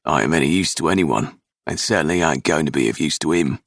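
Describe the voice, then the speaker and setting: Man doing a huge bear of a thug, super low gravelly growl, mean and mocking. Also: quick pace, fairly bright tone, dry recording, clean studio sound, heavily acted. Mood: menacing. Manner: gruff and mocking. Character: big brutish bearish male kidnapper.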